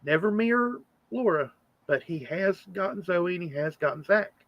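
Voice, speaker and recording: A man's voice: sits high, expressive, normal speed, no echo, dull audio. A man hosting a casual livestream chat, rambling with lots of fillers. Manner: rambling, chatty with frequent fillers. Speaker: channel host.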